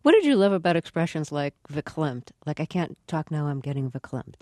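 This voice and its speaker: A woman interviewing a guest, asking long, measured set-up questions. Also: low voice, sing-song, dark tone, no room sound, studio quality.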